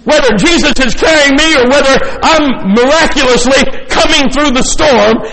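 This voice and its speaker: An older male pastor with an unusually high voice preaches in an animated way, acting out the story with chuckles. His voice rings through a church hall with a long echo. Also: normal speed, crowd noise. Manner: animated, acts out scenes, chuckles often. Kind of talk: sermon. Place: church sanctuary.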